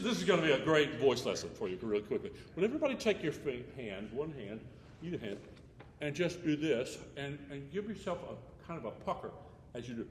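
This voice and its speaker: A man's voice: mid-range voice, a little hiss or hum. A man directing a choir rehearsal, counting in, singing example phrases and cracking jokes. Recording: echoey hall with long reverb.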